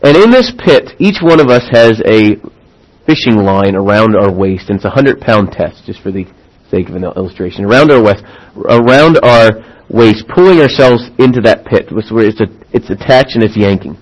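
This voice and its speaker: A man's voice: lowish voice, normal speed, rough recording. A man preaching a sermon, telling an illustration with growing intensity and checking in with "all right?". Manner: animated storytelling, rising in intensity; addresses listeners with "all right?".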